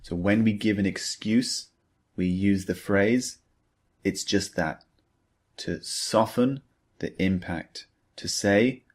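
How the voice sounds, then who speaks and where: A man teaching an English lesson, explaining patiently in a measured way and asking the listener rhetorical questions. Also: on the low side, a little mellow, breathy edge.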